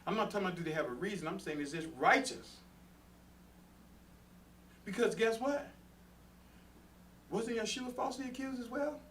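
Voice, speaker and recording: High-voiced man teaching a Bible study. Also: normal speed, long pauses, fairly bright tone. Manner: earnest, talks to the room, acts out everyday quarrels. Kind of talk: conversational Bible study sermon. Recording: distant mic with faint background noise.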